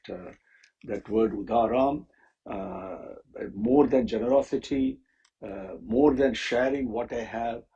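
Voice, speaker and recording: A man teaching the meaning of a Sanskrit hymn, pausing often with fillers and restarts. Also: medium pitch, mellow, breathy edge, muffled recording. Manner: halting, with many fillers and restarts. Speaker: scripture teacher. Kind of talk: explaining a Sanskrit hymn with stories.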